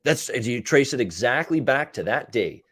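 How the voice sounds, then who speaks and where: A man hosting a casual sports betting chat, recapping games in quick runs with frequent "uh" fillers. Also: mid-range voice, lively intonation, a bit bright, dry recording, studio quality. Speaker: betting show host and handicapper.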